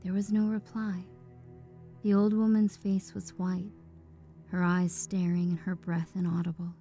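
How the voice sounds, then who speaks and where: A woman reads a dark old tale aloud in a steady, measured manner, her tone soft and mellow rather than bright. Faint music plays beneath the narration. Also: on the low side. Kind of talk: scripted storybook narration.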